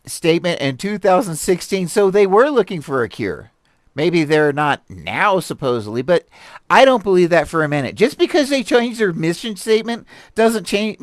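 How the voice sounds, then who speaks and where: A man talks through articles on his own stream in a loose, rambling way, full of fillers and quick laughs. His voice sits a little high for a man. The sound is close and dry, with no room around it. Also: no room sound. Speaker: host reviewing articles. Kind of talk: casual commentary on a live stream. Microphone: desk mic with a stream deck.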